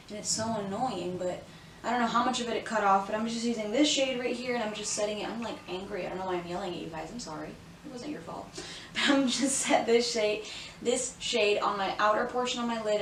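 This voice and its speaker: A chatty young woman rambles her way through a makeup tutorial, dropping "like" and "y'all" constantly. She sits a little back from the camera mic in a roomy space at home. Steady background noise hangs under her voice. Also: medium pitch, far from the mic. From South Florida. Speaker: beauty vlogger. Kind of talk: casual makeup tutorial chat. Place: home room, indoors. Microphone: camera mic at a short distance.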